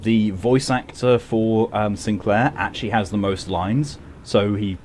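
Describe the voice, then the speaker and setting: A man gives chatty, wry commentary while he plays a game, laughing often. His voice sits fairly low. A faint hiss runs under his talk. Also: a little slow, a little mellow. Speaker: streamer. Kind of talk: gameplay commentary.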